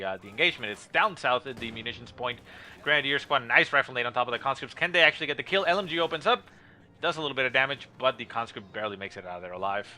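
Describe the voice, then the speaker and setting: A man giving play-by-play commentary on a strategy game replay, calling the action with lots of "uh" fillers and quick bursts of excitement. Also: medium pitch. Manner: rapid play-by-play with frequent "uh" fillers, rising excitement at kills. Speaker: game caster.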